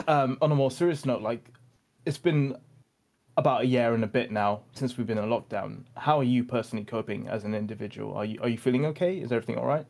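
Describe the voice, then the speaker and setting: Man, podcast co-host, medium pitch, friendly, teasing. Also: fast, vocal fry, darkish tone. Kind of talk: casual podcast chat.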